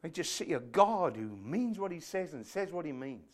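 A man preaching a sermon in a fervent way, building to loud, emphatic lines. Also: a little high, sing-song, moderate pace. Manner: fervent, rising to shouts.

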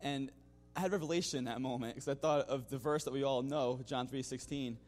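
A man's voice: mid-range voice, fairly even intonation, a little fast, a little mellow. Conversational man giving a church testimony. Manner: conversational, full of "you know" fillers and restarts; chuckles now and then. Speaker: church member giving a mission-trip testimony. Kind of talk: spoken testimony to a congregation.

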